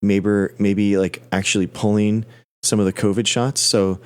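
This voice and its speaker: A man's voice: on the low side, flat delivery, unhurried, a little mellow, clear, resonant tone. A man hosting a live science question-and-answer stream, answering in a hesitant way with many restarts and fillers. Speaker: host.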